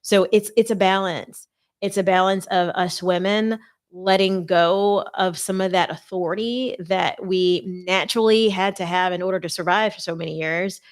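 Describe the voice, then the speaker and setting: A woman's voice: medium pitch, fairly even intonation, normal speed. A woman host talking earnestly and conversationally about faith and marriage preparation, with playful asides. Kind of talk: faith-based marriage advice talk.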